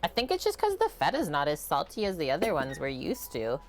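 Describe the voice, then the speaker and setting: A woman's voice: low voice, wildly swooping pitch, a little fast, faint music behind. A woman co-hosting a live cooking stream, chatting casually with viewers and her partner while she cooks.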